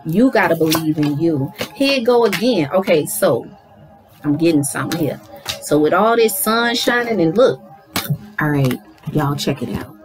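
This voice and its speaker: Animated woman doing a spiritual card reading. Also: sits low, moderate pace, over music, rough recording. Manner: animated, talks to viewers as y'all, affirming. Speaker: tarot card reader.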